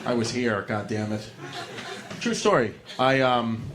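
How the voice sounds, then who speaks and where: A man's voice: mid-range voice, steady tone, normal speed, very noisy. A man, telling a rambling, profane stand-up story to a club audience. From New York City. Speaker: stand-up comedian.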